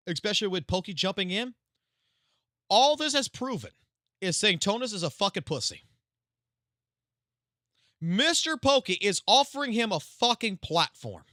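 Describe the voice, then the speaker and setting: A man's voice: high voice, bright, forceful tone, dry recording, clean studio sound. A man ranting on a live stream, commenting on online drama in a heated, profane, confrontational way.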